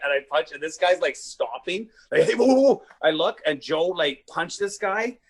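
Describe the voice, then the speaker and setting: A man who is a comedian guest telling rowdy stories in casual chat, animated and swearing, often laughing. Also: fairly high pitch, moderate pace. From Canada. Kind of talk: casual storytelling.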